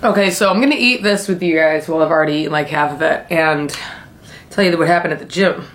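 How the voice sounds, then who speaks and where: A woman's voice: sits low, quick pace, fairly bright tone, a little hiss or hum. A young adult woman chatting casually on camera while eating, rambling through a story with lots of fillers and swearing. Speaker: vlogger.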